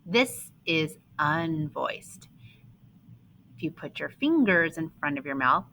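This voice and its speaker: Woman teacher, bright, forceful tone, very slow deliberate phonics delivery for kids; faint room hiss. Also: deep voice, big pitch swings, rough recording. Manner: slow, sing-song teacher voice, sounding out syllables. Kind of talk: phonics lesson for children.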